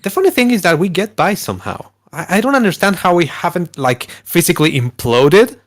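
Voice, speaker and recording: A man from Argentina, a guest musician in a casual video-call chat, talking in an animated way with frequent laughs and self-corrections. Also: high-pitched, a little fast.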